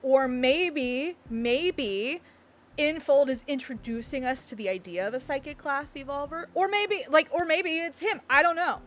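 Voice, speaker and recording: A woman streaming, chatting excitedly and rambling, with frequent laughs and apologies. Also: high-pitched, a little slow. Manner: gestures and hits the desk when excited. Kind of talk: excited livestream chat reacting to a game. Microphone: desk mic picking up thumps.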